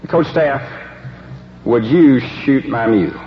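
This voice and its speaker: Man doing an earnest old rancher, lower pitch, slow pleading, dull lo-fi hiss. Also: lively intonation, echoey room, over music. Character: earnest older male rancher, gracious and pleading.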